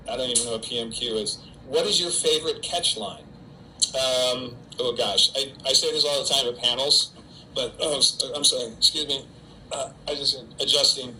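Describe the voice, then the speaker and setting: Bright-voiced man chatting alone to his webcam. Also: medium pitch, slight background noise, poor audio. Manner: chatty, self-mocking, talks to an unseen audience. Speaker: actor hosting a live fan stream. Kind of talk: casual solo livestream chat. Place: home during quarantine.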